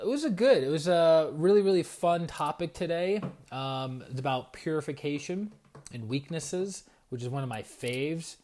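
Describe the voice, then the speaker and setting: A man in his forties hosting a casual evening livestream as a spiritual coach, telling stories in a rambling, lively way and greeting viewers by name. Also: fairly high pitch. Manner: animated storyteller, rambling with restarts and viewer shout-outs. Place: home at night.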